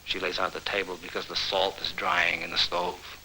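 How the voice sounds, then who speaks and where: A man's voice: deep voice, flat delivery, moderate pace, very noisy. A man narrating in a rambling, improvised, free-associating way with a loose rhythm.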